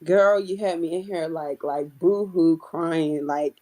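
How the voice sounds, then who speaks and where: A woman's voice: deep voice, takes it slowly, warm tone. A woman from the audience giving emotional feedback in a casual way, often saying "like" and repeating words.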